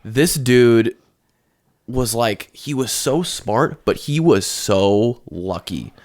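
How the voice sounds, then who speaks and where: A man's voice: mid-range voice, expressive, slow pace, darkish tone. A man co-hosting a podcast, chatting casually, rambling with lots of restarts and swearing. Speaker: podcast co-host. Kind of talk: casual chat.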